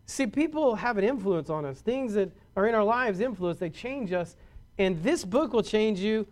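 A man preaching a sermon as a pastor, folksy and rising louder on key points. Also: high voice, expressive, moderate pace.

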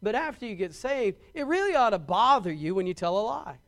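A man's voice: high voice, very animated, a little fast, a bit bright. A man preaching a sermon to his congregation in a conversational way, often restarting and repeating words and asking the congregation questions. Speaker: pastor.

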